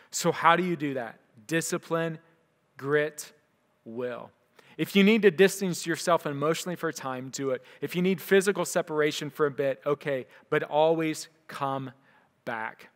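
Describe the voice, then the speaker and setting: A man's voice: fairly high pitch, moderate pace. Male pastor preaching in a reverberant hall. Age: young adult to middle-aged; father of a young son. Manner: conversational, acts out quoted voices. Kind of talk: sermon. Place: church hall.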